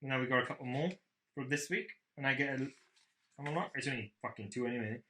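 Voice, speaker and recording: Welsh man, young, quick cheeky podcast host, bright tone in an echoey room. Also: mid-range voice. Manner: fast-talking, sweary, joking. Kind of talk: casual chat.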